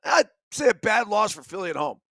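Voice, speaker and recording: High-voiced blunt sports talk host. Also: male voice, a little fast, no echo. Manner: energetic, blunt, swears casually, emphatic bursts. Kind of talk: solo sports talk show monologue.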